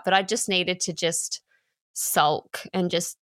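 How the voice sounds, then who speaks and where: A woman's voice: fairly low pitch, fairly even intonation, takes it slowly, a bit bright, no room sound, clean studio sound. A woman, co-hosting a podcast and telling a personal story frankly and emotionally, with casual swearing. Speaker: podcast co-host. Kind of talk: candid podcast chat.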